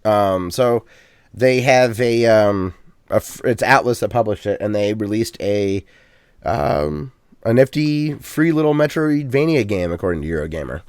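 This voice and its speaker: A man hosting a casual gaming podcast, talking in an easygoing, halting way with frequent restarts. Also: fairly low pitch, animated, a little mellow, smooth, dry recording, clean studio sound. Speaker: podcast host.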